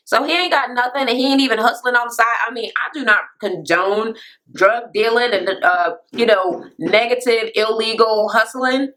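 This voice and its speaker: A woman's voice: medium pitch, normal speed, fairly bright tone. Sassy, profane woman ranting. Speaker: reality TV recap host. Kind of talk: casual ranting recap. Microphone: camera mic.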